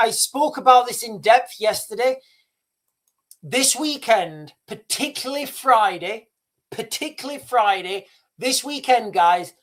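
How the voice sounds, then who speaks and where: A man's voice: sits high, fairly bright tone. Rambling man livestreaming. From Britain. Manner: rambling, restarts, chuckles at himself. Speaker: livestream host. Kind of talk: casual live-stream monologue.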